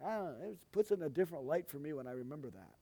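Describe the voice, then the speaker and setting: Middle-aged male pastor, fairly high voice, homespun and talkative from the pulpit. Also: animated, racing, mellow. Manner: folksy, chatty, asides to the congregation. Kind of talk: sermon-style teaching.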